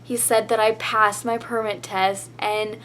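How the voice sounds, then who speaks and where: A woman's voice: medium pitch, flat delivery, unhurried, a bit bright, slight background noise. A teenage girl vlogging a long, rambling story full of "like" fillers, emotional and near tears. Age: teens. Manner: chatty, rambling with many "like" fillers. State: tearful, emotional. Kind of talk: casual storytelling vlog.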